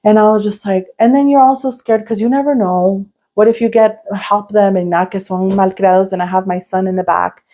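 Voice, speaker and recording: A woman's voice: mid-range voice, steady tone, a little fast, hardly any pauses, mellow. Young woman podcast host rambling thru a story, lots of like and um. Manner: rambling, many "like" fillers and restarts. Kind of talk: casual storytelling chat.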